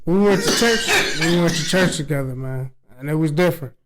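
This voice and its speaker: Podcast guest, man, fairly high voice, drunk and slangy, swears a lot. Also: expressive, fairly quick, a loud crowd, poor audio. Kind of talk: casual chat.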